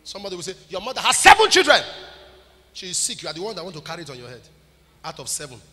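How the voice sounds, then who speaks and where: Pastor preaching with a bright, high voice. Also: male voice, animated, very fast. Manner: preaching to a congregation, urging listeners to repeat after him. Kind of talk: sermon. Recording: long hall reverb with faint ambient noise.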